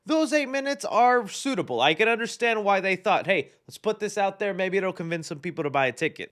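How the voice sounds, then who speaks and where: A man giving a casual spoiler film review with sarcastic, animated asides. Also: sits high.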